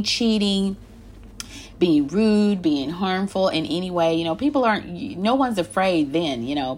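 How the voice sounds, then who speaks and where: A woman with a somewhat low voice, talking casually to her listener. She is emphatic and exasperated, stacking rhetorical questions and repeating herself to drive each point home. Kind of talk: casual monologue, advice.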